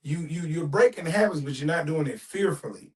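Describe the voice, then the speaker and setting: A man co-hosting a podcast, telling stories in a lively way and acting out dialogue. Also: fairly high pitch, fairly quick. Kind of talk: casual chat.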